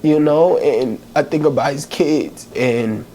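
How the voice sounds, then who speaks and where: A man hosting a podcast, telling a heartfelt personal story in a halting way, with many pauses and fillers, holding back tears. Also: on the high side, warm tone, a little hiss or hum. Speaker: podcast host.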